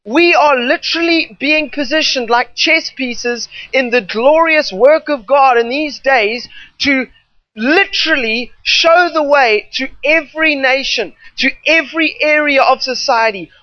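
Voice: sits high, unhurried, no echo. An emphatic preacher delivering a sermon, leaning on repetition and drifting into off-the-cuff asides. The recording is dry, with no room sound, and slightly dull and muffled in tone.

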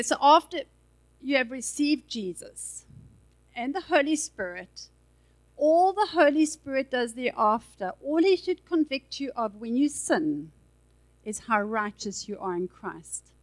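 A woman's voice: on the high side, expressive, measured pace, poor audio. A woman preaching a sermon in a chatty, conversational way with asides, speaking into a handheld mic in a church. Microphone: handheld microphone.

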